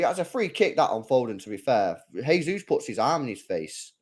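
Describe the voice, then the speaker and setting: A young man giving live, slangy reaction commentary on a football match. He drifts between low mumbling and loud, sweary outbursts. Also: expressive, moderate pace, hardly any pauses. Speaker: football watchalong streamer.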